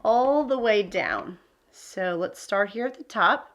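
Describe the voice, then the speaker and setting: Casting note: woman host for a crafting tutorial, chatty and thinking aloud, mid pitch. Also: expressive, slow, fairly bright tone, a little hiss or hum. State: hiccups. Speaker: card-making tutorial host. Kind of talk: casual crafting demonstration.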